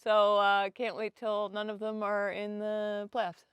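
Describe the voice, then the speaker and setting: A woman's voice: medium pitch, completely flat delivery, a little slow, clean tone, dry recording. A woman chatting enthusiastically on a sports podcast, often giggling. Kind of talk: casual sports banter.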